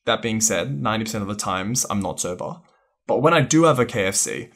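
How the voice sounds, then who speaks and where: A man's voice: on the low side, animated, a little fast, a bit bright. Chatty young man. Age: young adult. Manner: laughs often, chatty storytelling. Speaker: podcast co-host. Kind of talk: casual chat.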